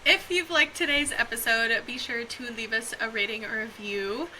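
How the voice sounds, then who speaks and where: A woman's voice: a little high, steady tone, moderate pace, pushed and bright, slight background noise, low-quality recording. A young woman co-hosting a book podcast, chatting casually and getting giggly and tipsy. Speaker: podcast co-host. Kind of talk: casual chat.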